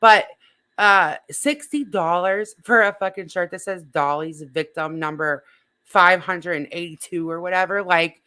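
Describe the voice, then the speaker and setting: A woman's voice: on the low side, unhurried, bright, forceful tone, no room sound. A woman hosting a casual livestream, blunt and disgusted, swearing often. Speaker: livestream host.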